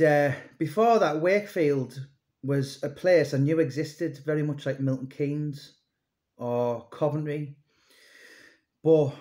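A man's voice: a little high, a little mellow. A man in his thirties, an author and publisher, rambling conversationally about his books with many fillers and restarts. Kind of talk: casual monologue to camera.

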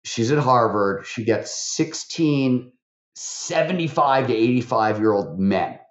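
A man, a podcast guest and author, talking in a lively way, telling stories full of fillers and quoted voices. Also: medium pitch, echoey room, muffled recording. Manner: animated, fast-talking, with many fillers and acted quotes. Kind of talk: conversational interview storytelling.

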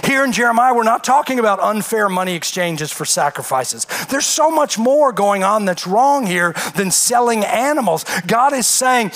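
Male pastor, high voice, emphatic sermon delivery with rhetorical questions. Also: expressive, normal speed, hardly any pauses, a bit bright.

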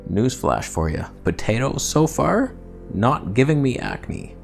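A man's voice: medium pitch, wildly swooping pitch, unhurried, vocal fry, faint music behind. Man in back pain, rambling and self-mocking. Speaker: vlogger. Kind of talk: casual vlog monologue.

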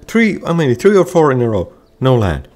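A man's voice: medium pitch, huge pitch swings, normal speed, darkish tone, soft background music. A man ranting and swearing constantly while playing a card game, frustrated and repeating himself. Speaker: gamer. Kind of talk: ranting gameplay commentary.

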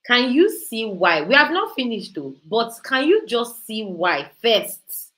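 A woman's voice: fairly high pitch, very animated, slow, fairly bright tone, low-quality recording. A woman hosting a faith-based motivational talk over a video call, talking in an impassioned, preachy way that builds to emphatic peaks. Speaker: host.

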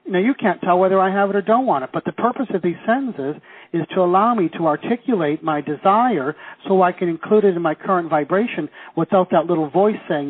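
Husky guy running a coaching call, kinda high voice, sounds like a tinny phone line. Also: no room sound. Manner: enthusiastic, slows to stress key phrases. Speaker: seminar leader. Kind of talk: teleseminar coaching.

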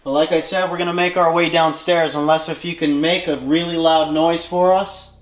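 A man hosting a ghost-hunting vlog, speaking in a hushed, low voice to spirits inside a large old building. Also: little pitch movement, moderate pace. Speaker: paranormal investigator host. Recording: echoey hall with faint noise.

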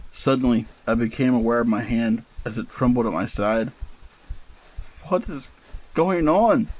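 A man's voice: medium pitch, poor audio. A man giving a dramatic, intense narration of a first-person horror story.

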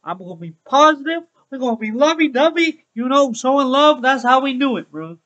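A man's voice: very high voice, expressive, brisk, pushed and bright, lo-fi sound. A young man streaming a game, chatting upbeat with his viewers and repeating phrases like "bro". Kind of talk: casual Let's Play commentary to live chat.

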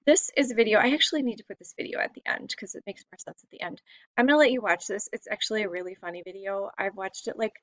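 A woman's voice: mid-range voice, quick pace, no room sound, poor audio. A tired woman teacher giving a chatty, rambling recorded lesson late at night from home. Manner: chatty, warm and rambling, with frequent fillers.

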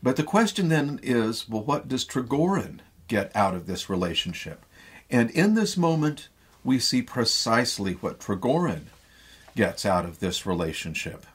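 Husky man, middle-aged, theatre professor, deliberate lecture, thoughtful, repeats words. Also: medium pitch, big pitch swings. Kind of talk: lecture on a play.

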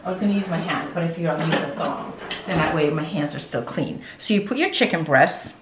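This dentist and cooking vlogger, a middle-aged woman, speaks low and fast while cooking at home, keeping things playful and addressing viewers directly in a casual cook-along. A little hiss or hum sits under the roomy, distant recording of her kitchen.

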